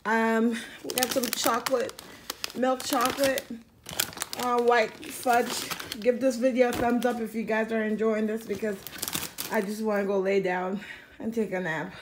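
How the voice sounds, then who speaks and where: A woman vlogger chats casually to camera while unpacking groceries at home for a haul video, rambling with lots of ums. Her voice is fairly high with little pitch movement and a slightly slow pace. Background noise includes crinkling bags and clicks.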